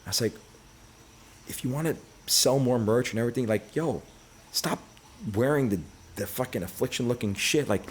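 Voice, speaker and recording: A middle-aged man from Brooklyn, New York, is a podcast guest telling stories in casual, profane chat, animatedly acting out other people's voices. His voice is mid-range, his pace moderate, with long pauses.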